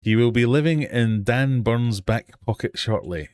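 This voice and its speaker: A man's voice: medium pitch, lively intonation, unhurried, a little mellow, no echo. A man hosting a live online quiz from his home fish room, reading out questions and poking fun at himself. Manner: jokey, self-mocking quizmaster. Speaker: livestream quiz host.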